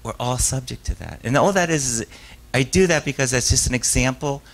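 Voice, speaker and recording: A man with a medium-pitched voice and vocal fry talks briskly at a live author talk, taking questions from the audience, over poor audio. As a stage hypnotist telling stories, he rambles, restarts sentences, interrupts himself, laughs a lot, and acts out the voices.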